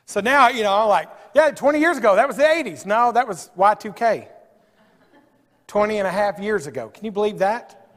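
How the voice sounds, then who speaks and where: High-voiced joking pastor in a hall. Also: male voice, brisk. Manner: humorous storytelling, animated swings from shouts to low asides. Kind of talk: sermon. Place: church sanctuary. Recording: long hall reverb.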